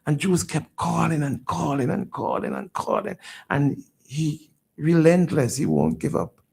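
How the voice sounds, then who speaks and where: Man, radio station owner, guest slot; very gravelly and husky, mellow tone; halting, repeats himself when moved. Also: a little high, lively intonation. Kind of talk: emotional personal storytelling.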